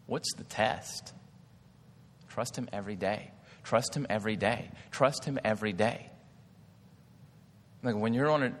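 A man delivers a sermon in a bright, forceful voice. He keeps it conversational, throws questions out to the crowd and scatters "like" through his sentences. The sound carries a long reverb from a big hall. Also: mid-range voice. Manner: conversational, asks the crowd questions, many "like" fillers. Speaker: pastor.

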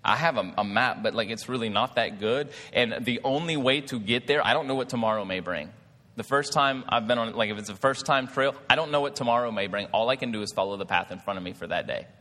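A man's voice: medium pitch, fast, pushed and bright, big-room sound. A man preaching a sermon in a conversational way, asking the crowd questions and leaning on "like" as a filler. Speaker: pastor.

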